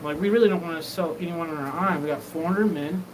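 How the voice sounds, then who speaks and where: A man's voice: a little high, quick pace. Rambling man over background noise. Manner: disjointed, profane, jumps between topics. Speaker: show host. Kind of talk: rambling live monologue. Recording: noisy background.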